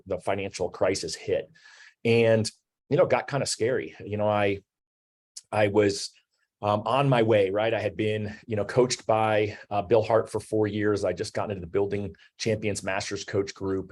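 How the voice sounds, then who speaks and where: Low-voiced man hosting a business webinar. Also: fairly even intonation, moderate pace, darkish tone. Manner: conversational, many fillers like "you know" and "um". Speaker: host. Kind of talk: webinar talk.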